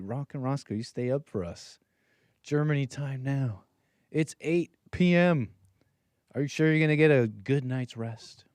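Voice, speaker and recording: A man's voice: mid-range voice, a little mellow, no echo. A man hosting a live-stream show in a loose, joking way, teasing his viewers and rambling through asides. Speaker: host. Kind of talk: casual live-stream chat.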